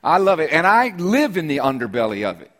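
Pastor preaching with conversational humor. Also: male voice, fairly high pitch, sing-song, a little fast, a bit bright. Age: middle-aged. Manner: conversational storytelling with humor, rising to emphatic declarations. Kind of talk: sermon. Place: church sanctuary during a service.

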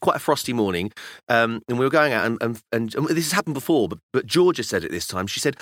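Lively British dad telling stories. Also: male voice, medium pitch, fast, no room sound, studio quality. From United Kingdom. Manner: animated storytelling, acting out kids' voices. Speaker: podcast co-host. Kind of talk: casual chat.

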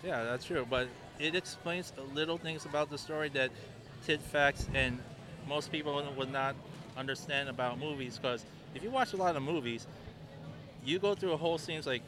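A man's voice: on the high side, moderate pace, background noise. A man being interviewed at a convention booth, rambling and hesitant with many restarts. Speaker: guest, booth helper.

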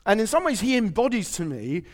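A man's voice: sits high, big pitch swings, fairly quick. A man preaching a conversational sermon, quizzing his audience and telling stories.

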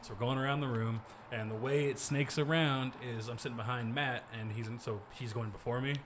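A man's voice: medium pitch, fairly even intonation, fairly quick. This is a young man telling stories in a loose, casual chat. He rambles, laughs a lot and swears offhandedly. A faint hiss of noise sits behind his voice. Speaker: podcast co-host.

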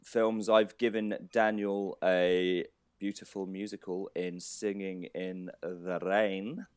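A man co-hosting a podcast, joking excitably and swearing freely in casual banter. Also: low-pitched, takes it slowly, smooth, dry recording, clean studio sound. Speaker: podcast co-host.

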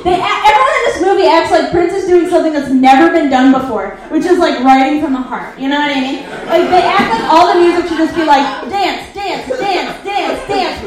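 At a live comedy venue, a woman comedian presents slides recapping a movie, tossing in sarcastic, profane asides. Her voice is high and quick with hardly any pauses, a crowd audible behind her in a very echoey room.

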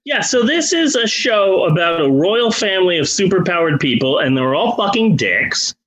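A man's voice: sits high, big pitch swings, moderate pace, a bit bright, low-quality recording. A man co-hosting a podcast in casual chat, ranting with exasperation and plenty of swearing. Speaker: podcast co-host.

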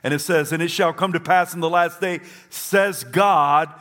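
A man's voice: fairly high pitch, moderate pace, hardly any pauses, fairly bright tone. A man preaching a sermon to a congregation, emphatic and repetitive, leading them to say phrases back. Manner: emphatic, repeats phrases for the crowd. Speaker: pastor. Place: church.

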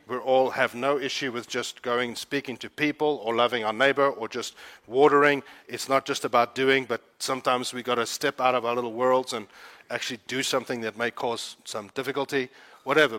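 A man's voice: mid-range voice, bright, forceful tone. A man from Africa, preaching a sermon in a fervent, conversational storytelling way. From South Africa. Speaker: pastor.

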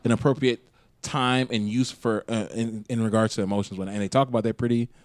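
A man from Minnesota co-hosting a casual podcast chat, animated and quick to laugh, often restarting his sentences. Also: medium pitch, no echo. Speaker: co-host.

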